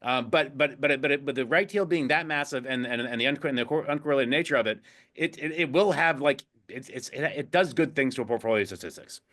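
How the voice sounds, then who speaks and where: Fast, bright-voiced investment guest. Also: male voice, mid-range voice. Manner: halting, many restarts and fillers. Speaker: guest, chief investment officer. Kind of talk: casual interview talk.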